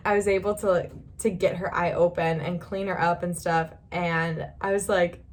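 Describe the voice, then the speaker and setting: A young woman talks through a beauty tutorial in a loose, rambling way, stopping now and then to laugh. Her pitch sits in the middle and she keeps telling her viewers not to worry. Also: a little fast, hardly any pauses. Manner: chatty, rambling, reassuring, laughs often. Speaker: beauty vlogger. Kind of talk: casual makeup tutorial.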